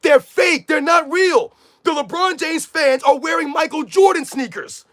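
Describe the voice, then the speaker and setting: A man ranting loudly on a sports live stream, combative and repetitive, calling out chat viewers by name. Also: very high-pitched, unhurried. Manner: loud, combative, repetitive rant.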